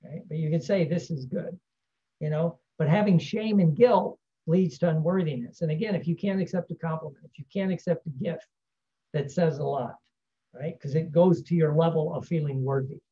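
The recording is muffled as a man speaks fairly quickly in a fairly high voice with a dark tone. He gives a casual self-help teaching monologue, rambling and regularly adding "right?" to his points.

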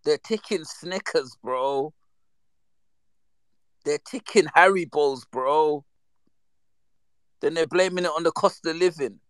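A man, chatting casually and reminiscing with lively slang, acting out the voices in his stories. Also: fairly high pitch, takes it slowly, pauses often, clear, resonant tone, no echo. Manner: animated, slangy, acts out quoted voices. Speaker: storyteller.

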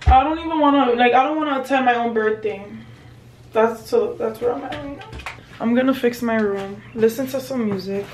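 High-voiced young woman vlogging, chatty. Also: slight background noise. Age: young adult. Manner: chatty, slangy, addresses viewers as y'all. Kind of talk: casual vlog chat to camera. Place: bedroom at home.

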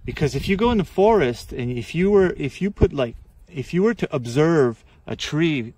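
A man's voice: fairly high pitch, lively intonation, moderate pace, darkish tone, husky, no echo. A man from Quebec with a Quebecois French accent, hosting a casual explainer on soil and gardening, chatty and full of ums and restarts. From Quebec, Canada. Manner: chatty, many fillers and restarts. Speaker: gardening channel host.

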